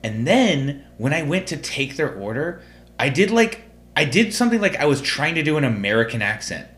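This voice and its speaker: A man's voice: fairly high pitch, big pitch swings, normal speed, a bit bright. A young man co-hosting a podcast in casual chat, rambling and searching for his words. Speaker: podcast co-host.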